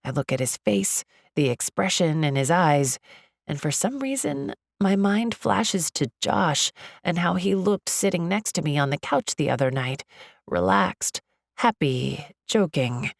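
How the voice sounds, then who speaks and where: Woman reading a romcom audiobook in first person, low creaky voice, chatty and expressive, dry close mic. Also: a little slow, dry recording. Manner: expressive, chatty, lively inner monologue. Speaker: audiobook narrator.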